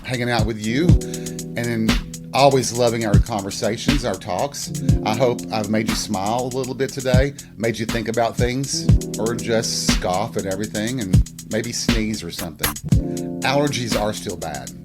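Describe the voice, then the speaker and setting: A man's voice: on the low side, moderate pace, loud music behind the voice. A man hosting a casual solo podcast, telling stories in a sassy, blunt, profane way. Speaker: podcast host.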